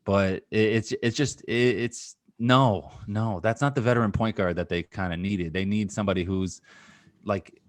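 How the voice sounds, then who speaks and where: A man's voice: lowish voice, normal speed, dry recording, studio quality. A man co-hosting a podcast in casual sports chat, rambling with frequent laughs and restarts. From New York area. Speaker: podcast co-host.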